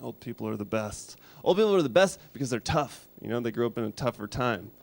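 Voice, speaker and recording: Deadpan man doing stand-up comedy. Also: medium pitch, fast, creaky. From Colorado. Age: 30s. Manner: deadpan, absurd one-liners. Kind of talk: stand-up set. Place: small studio.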